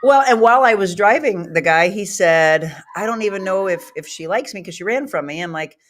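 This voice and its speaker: A woman hosting a live talk show, telling a story in a lively way and laughing often. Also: mid-range voice, fairly quick. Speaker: host.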